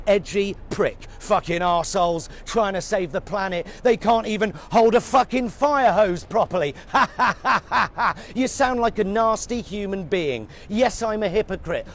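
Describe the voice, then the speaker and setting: A middle-aged British man ranting sarcastically as a satirical news reporter, swearing freely and sounding exasperated, outdoors at a street protest. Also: high voice. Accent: British English. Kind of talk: scripted satirical rant to camera.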